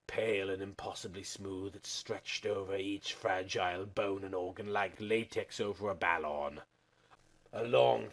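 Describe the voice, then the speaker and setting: A man's voice: medium pitch, fairly bright tone. A man giving a comic dramatic reading as the channel host, with an over-the-top, melodramatic delivery.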